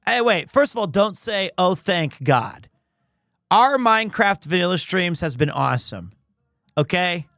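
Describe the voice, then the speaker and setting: A young man streaming live, chatting casually with his viewers in an animated, joking, self-deprecating way. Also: high-pitched, normal speed, dry recording, studio quality, soft background music.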